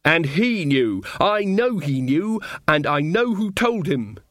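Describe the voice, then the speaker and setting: A man's voice: on the high side, sing-song, takes it slowly, fairly bright tone, dry recording, studio quality, pitched above the performer's own voice, full character voice. A man voicing a stubborn, hurt young bride-to-be who answers in a curt, clipped way. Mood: angry.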